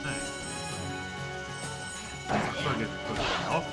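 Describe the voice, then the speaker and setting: A man's voice: mid-range voice, animated, slow pace, loud music behind the voice. A British man streaming a speedrun, chatting casually and swearing freely at his mistakes. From Britain. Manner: swears freely, grumbles at the game. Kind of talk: casual gaming stream chat.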